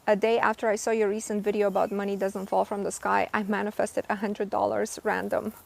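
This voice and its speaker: A woman's voice: mid-range voice, little pitch movement, fairly quick, gravelly, darkish tone. A woman coaching on manifestation in a live-stream Q&A, reading viewer comments and answering earnestly, often checking in with "right?". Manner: earnest, emphatic, repeats points with "right?".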